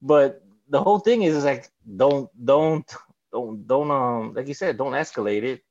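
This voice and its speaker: A man co-hosting a podcast, telling a relaxed story in casual chat and often adding "you know". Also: medium pitch, normal speed, no room sound. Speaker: podcast co-host. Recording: slightly dull lo-fi mic.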